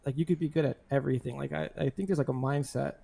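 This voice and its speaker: A man's voice: medium pitch, fairly even intonation, fast, vocal fry, dark tone, husky. A man as a guest in a casual interview, talking in a loose, rambling way with lots of fillers. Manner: rambling, filler-heavy, laid-back. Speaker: guest, skate video maker.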